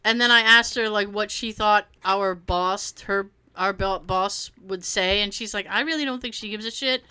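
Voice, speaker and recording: A woman in her thirties hosting a casual chat, animated and profane, laughing often. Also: mid-range voice, normal speed, clean tone. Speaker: podcast host.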